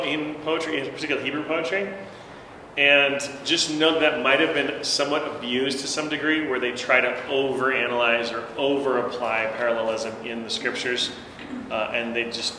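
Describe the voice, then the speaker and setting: A man's voice: mid-range voice, pushed and bright. A man teaching a Bible class in a loose, conversational way, with many fillers and restarts. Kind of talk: casual church class teaching. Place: church room. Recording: very echoey long-reverb room with faint noise.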